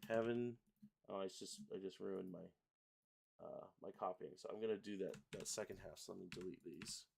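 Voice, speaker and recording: A man hosting a livestream software tutorial in a relaxed, chatty way, reading lyrics aloud as he types and clicks. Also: sits low, moderate pace, vocal fry, a little hiss or hum. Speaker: host, software product designer. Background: keyboard typing and mouse clicks.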